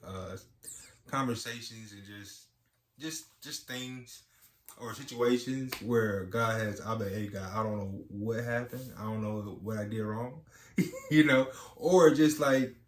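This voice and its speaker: A man's voice: on the low side, a little slow. A young adult man co-hosting a casual chat about marriage, talking in a rambling way full of "you know"s. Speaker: podcast co-host. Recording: echoey room with faint ambience.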